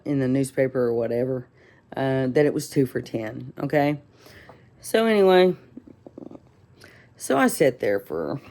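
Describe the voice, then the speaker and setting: A woman's voice: a bass voice, darkish tone. A woman telling a rambling, indignant story in a casual vlog, full of fillers and restarts. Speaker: vlogger.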